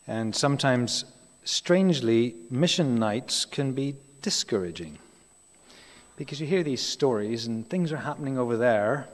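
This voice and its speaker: A man's voice: medium pitch, expressive, measured pace. A man preaching a sermon in a chatty way, breaking off for asides and throwing questions to the congregation. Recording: reverberant hall.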